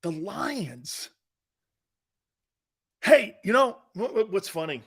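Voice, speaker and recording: Loud, laughing sports talk host. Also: male voice, high-pitched, very animated, slow pace, husky. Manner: loud, laughs often, jokey riffs. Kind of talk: sports talk show banter.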